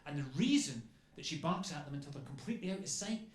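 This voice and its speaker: On a club stage, a man performs stand-up through a handheld mic, chatty in tone and adding "okay?" after lines. His slightly high voice moves fast with lively intonation, and the echoey room has faint ambience.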